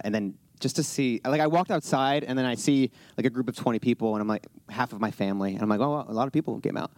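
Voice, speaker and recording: An American man, a film director, answering questions at a live Q&A in a quick, enthusiastic way. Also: fairly low pitch, a little mellow, dry recording. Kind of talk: live Q&A talk.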